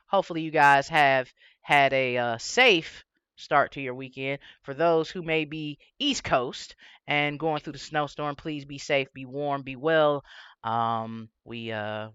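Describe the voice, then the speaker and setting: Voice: mid-range voice, pushed and bright, clean tone, no echo, muffled recording. A livestream host with a lisp, chatting casually and rambling with swearing and frequent laughs.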